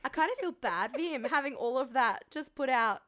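Bright-voiced woman, swearing casually. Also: sits high, lively intonation, brisk. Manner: laughs often, swears freely. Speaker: podcast co-host. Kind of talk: casual chat.

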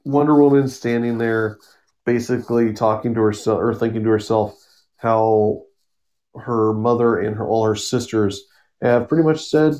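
A man's voice: fairly low pitch, moderate pace, mellow. A man casually summarizing a comic book story on a podcast, rambling with fillers and acting out the characters' lines. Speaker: podcast co-host.

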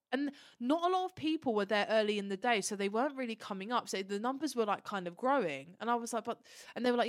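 A woman's voice: medium pitch, fast talker, dry recording. Gushing woman podcast host, dry close sound. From Turkish heritage. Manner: gushing, animated storyteller who swears casually. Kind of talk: casual chat.

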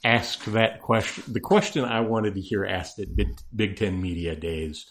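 Guest analyst, male, lower register, measured and dryly funny, lots of restarts. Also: a bit bright. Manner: analytical, hesitant restarts, dry jokes. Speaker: sports-knowledgeable guest. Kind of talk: casual podcast chat.

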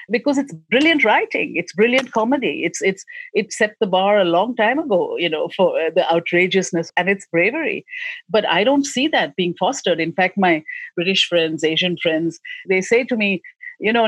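A woman's voice: lowish voice, dry recording, low-quality recording. A woman, answering interview questions as a film director in a passionate, emphatic way with frequent restarts. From India.

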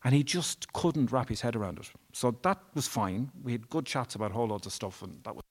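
A man's voice: medium pitch, animated, brisk, slightly rough. A man, a guest at a live event, candidly and emotionally telling a personal story and swearing freely. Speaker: interview guest. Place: live event before an audience.

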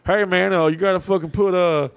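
Man, podcast host, from kentucky, gravelly, dry close sound, profane rambling storytelling. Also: high voice, brisk, no room sound. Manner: profane, animated storytelling with lots of "like". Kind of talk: casual storytelling.

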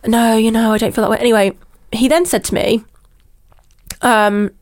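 A woman with a fairly high voice tells a personal story in a candid, chatty way. She is animated, slips into mimicked voices of other people and often laughs mid-sentence. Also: moderate pace. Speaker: podcast guest. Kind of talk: candid storytelling in casual chat.

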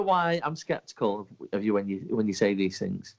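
Man, podcast co-host, lively sweary teasing, dull lo-fi recording. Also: on the low side, moderate pace, vocal fry. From England. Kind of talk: casual banter. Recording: dull lo-fi sound.

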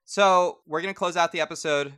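A young man hosting a podcast, chatting casually and excitably, laughing often. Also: on the high side, a little fast, clear, resonant tone. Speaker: podcast host. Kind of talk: casual banter.

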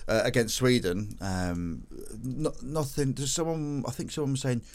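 A man's voice: mid-range voice, moderate pace. A man co-hosting a podcast in casual chat. He leads the talk, teases his partner and acts out what others said. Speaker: podcast co-host.

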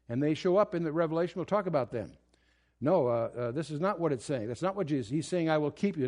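Male Bible teacher, fairly high voice, emphatic lecturing delivery with frequent restarts. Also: expressive, fast, darkish tone. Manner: earnest, emphatic, with restarts and asides. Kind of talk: verse-by-verse Bible study lecture.

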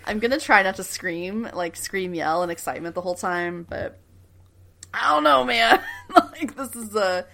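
Woman, podcast co-host, casual chat, excitable, laughs a lot, mid pitch. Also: normal speed, creaky.

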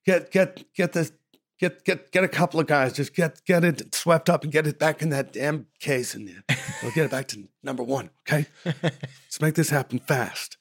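A man imitating a gruff, terse older male film director who barks clipped, impatient orders. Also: fairly low pitch, slow, pauses often, no echo, studio quality, voice pushed up, heavily acted. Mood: exasperated.

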